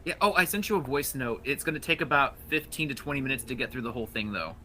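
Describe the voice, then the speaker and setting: A man playing in a tabletop game, recapping events in a casual, hurried way. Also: mid-range voice, animated, sharp tone, slight background noise. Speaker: player.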